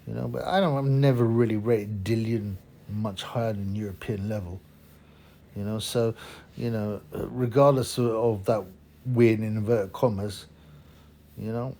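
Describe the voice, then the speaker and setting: A man's voice: mid-range voice, darkish tone. A man, hosting his own boxing channel in a rambling, opinionated casual monologue full of fillers and restarts.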